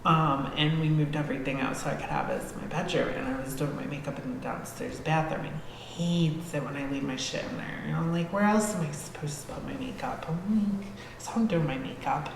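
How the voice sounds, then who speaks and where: A woman guest on a podcast telling a story casually, animated and swearing freely as she acts out scenes. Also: low voice, a little fast, gravelly, few pauses. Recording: echoey hall-like room with faint noise.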